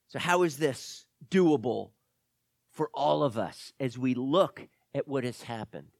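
A man's voice: mid-range voice, gravelly, dry recording. A male pastor preaching a sermon, reading scripture and pressing his points with emphatic repetition. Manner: emphatic, repeats phrases for stress.

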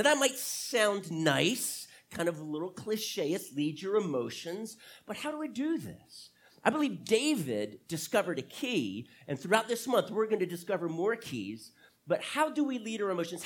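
A male pastor preaching a sermon to his church, emphatic, asking rhetorical questions and stretching out key phrases. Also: sits high.

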